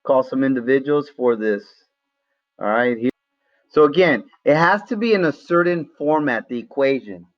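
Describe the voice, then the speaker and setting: A man's voice: mid-range voice, lively intonation, moderate pace, highs cut off. A man teaching a math lesson to a class online in a casual, friendly way, calling on students by name.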